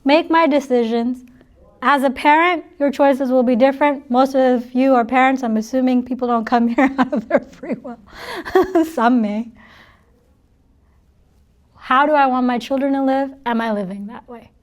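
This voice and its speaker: A woman's voice: high voice, steady tone, moderate pace. A middle-aged woman giving an informal spiritual talk to an audience, chatty and joking, laughing often between her points.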